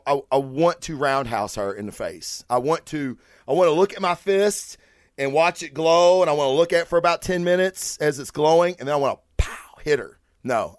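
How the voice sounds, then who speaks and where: Cussing podcast dude, kinda high voice, dry close sound, rambles and restarts a lot. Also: male voice, dry recording. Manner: profane, animated, rambling with restarts. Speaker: podcast host. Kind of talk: casual solo podcast rant.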